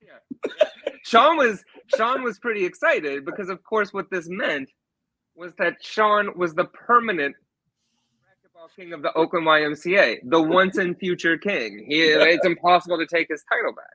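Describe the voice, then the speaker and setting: Guest author type, man, high and bright, lively storyteller, dry close sound. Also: no room sound. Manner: animated storyteller, quick restarts. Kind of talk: casual anecdote telling.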